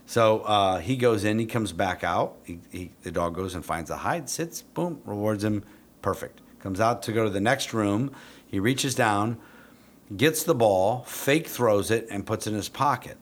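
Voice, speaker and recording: This middle-aged man trains police dogs, and he spins his story bluntly and casually, swearing freely and acting out his own lines with gusto. He speaks at a moderate pace in a lowish voice.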